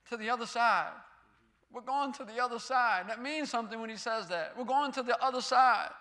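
A man with a high, bright, forceful voice preaches a sermon and reads scripture aloud. He poses rhetorical questions to his listeners, repeats key phrases and uses Hebrew terms.

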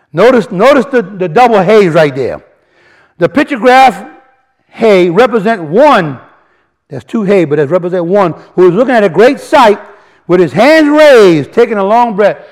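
A man teaching a sermon in a casual, animated way, often restarting phrases and building emphasis. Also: high voice, unhurried. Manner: animated, repeats and restarts, rising emphasis, colloquial grammar. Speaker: preacher. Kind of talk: sermon teaching from word studies.

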